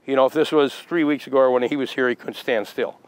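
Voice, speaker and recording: A man's voice: mid-range voice, fairly even intonation, fast talker, low-quality recording. Man calling commands to a dog. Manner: repeated short commands and praise to a dog; casual explaining between commands. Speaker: dog trainer. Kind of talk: dog training demonstration with commentary.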